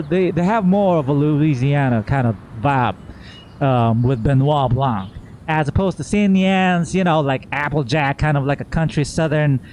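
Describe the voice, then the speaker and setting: A man's voice: fairly high pitch, a little mellow, a little hiss or hum. Rambling, enthusiastic male streamer. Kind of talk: casual gameplay commentary. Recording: game music faintly behind.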